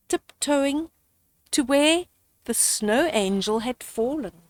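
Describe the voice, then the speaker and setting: An older woman reading a children's story aloud outdoors, slow, gentle and expressive. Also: fairly high pitch, dry recording.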